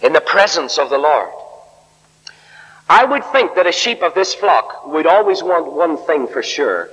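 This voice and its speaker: An older man preaching a sermon, emphatic, swinging from loud peaks to quiet low lines. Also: expressive, moderate pace, slightly rough, big-room sound, highs cut off. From Northern Ireland.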